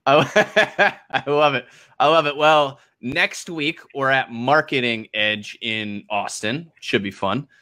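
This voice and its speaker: A man hosting a relaxed interview chat. His voice is bright and forward, and he talks in a loose, easygoing way, laughing often and letting thoughts trail off. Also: medium pitch, takes it slowly. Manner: laid-back, laughs easily, trails off. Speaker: host.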